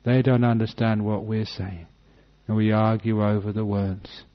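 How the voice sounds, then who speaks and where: Unhurried monk teaching on lo-fi audio. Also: male voice, on the low side, flat delivery. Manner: unhurried, reads text then explains with gentle humour. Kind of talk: dhamma talk reading and explaining a sutta. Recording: dull lo-fi talk recording.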